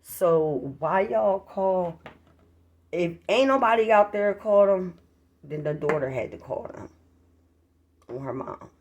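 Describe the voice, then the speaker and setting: Vlogger, gravelly voice, casual rambling chat, swears often, talks to viewers, phone mic, at home. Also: mid-range voice, expressive, a little slow, lo-fi sound. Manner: profane, rambling, addresses viewers as y'all. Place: at home, near a street.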